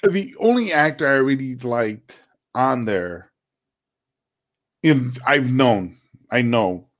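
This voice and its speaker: Easygoing, lively man on a dull lo-fi recording. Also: medium pitch, slow. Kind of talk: casual chat. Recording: dull lo-fi sound.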